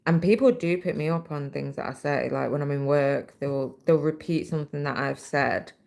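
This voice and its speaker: Low gravelly British woman chatting. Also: moderate pace, darkish tone. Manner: chatty, reads viewer comments aloud and answers them. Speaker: livestream host. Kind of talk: casual livestream chat while stitching.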